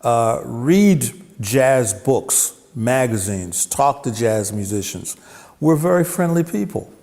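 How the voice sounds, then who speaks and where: A man, a jazz drummer and teacher, telling funny, animated stories to an audience at a venue. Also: mid-range voice, slow pace. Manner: humorous, animated anecdotes. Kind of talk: storytelling talk to an audience. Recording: long hall reverb, faint music.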